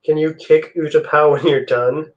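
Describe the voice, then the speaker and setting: A man's voice: a little high, moderate pace, muffled recording. A young man hosting a live stream, chatting casually with viewers while he builds. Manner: relaxed, chatty, answers chat messages.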